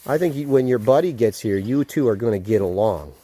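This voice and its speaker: A man vlogging casually outdoors at a horse paddock, excited and chatty, with lots of fillers, filmed on a handheld phone. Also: medium pitch, fairly quick, a little hiss or hum. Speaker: vlogger, dog trainer. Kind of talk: casual vlog to camera.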